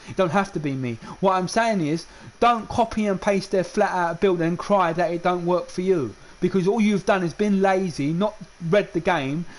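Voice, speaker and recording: A man delivers an unscripted rant as a gaming streamer. His voice sits high, and he keeps circling back to the same points, stammering on restarts as his frustration builds. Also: slight background noise. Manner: heated, repetitive, stammers on restarts. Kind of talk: unscripted ranting monologue.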